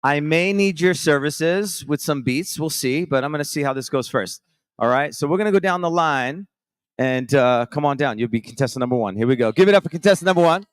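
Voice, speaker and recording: A man's voice: fairly high pitch, moderate pace, smooth, no echo. A man hosting a live morning show from a conference stage, energetically calling up contestants and beatboxing rhythms for them to dance to.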